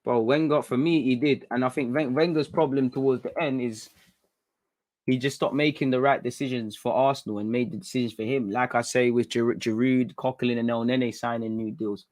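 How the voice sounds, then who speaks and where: A British man from England hosting a casual livestream, chatting in slang, reading viewer comments and talking with animated energy. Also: mid-range voice, fairly quick. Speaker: livestream host.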